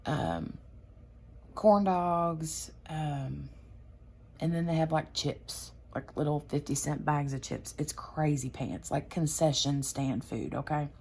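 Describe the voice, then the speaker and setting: A woman's voice: low voice, slow, a little mellow, breathy edge. A woman hosting a craft channel, chatting casually and rambling with lots of fillers. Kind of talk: casual chat.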